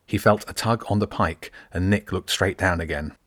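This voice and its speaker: A male narrator reads a fantasy audiobook in a measured, descriptive way. His voice sits fairly low, and the recording is close and dry. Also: fairly bright tone, slightly rough, dry recording.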